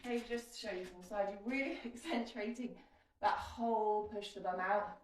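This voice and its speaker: A woman talks viewers through a kettlebell workout with chatty, encouraging coaching cues. Her voice sits at a middle pitch and is heard from some distance from the mic in a very echoey room. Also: moderate pace. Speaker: fitness instructor. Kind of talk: guided workout instruction.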